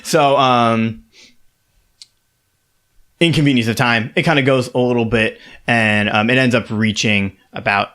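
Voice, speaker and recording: A man's voice: mid-range voice, fairly even intonation, measured pace, pauses often, a bit bright. A man narrating as game master of a tabletop game, loose and full of fillers.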